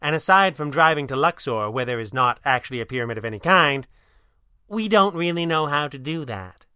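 A man voicing a quick-witted young woman who teases dryly, with a deadpan delivery in a storytelling reading. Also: on the high side, smooth, no echo, clean studio sound, voice pushed up. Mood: wry. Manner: deadpan, wry.

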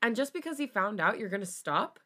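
A woman's voice: medium pitch, big pitch swings, a little fast, pushed and bright, pitched above the performer's own voice. A woman reading a fanfic aloud, voicing a nonchalant, dismissive young man in a casual, shrugging way. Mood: annoyed.

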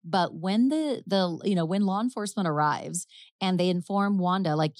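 Brief: podcast host, woman, lowish voice, chatty true-crime storyteller, dry close sound. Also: brisk, darkish tone, no echo. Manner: chatty, laughs often, acts out quotes. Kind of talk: casual storytelling chat.

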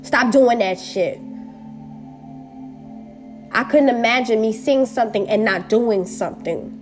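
A woman with a somewhat high voice delivers an impassioned rant straight to camera. She is angry and hurt, swears freely and drives her points with short, repeated phrases. Faint music plays quietly beneath her. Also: unhurried. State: upset and hurt.

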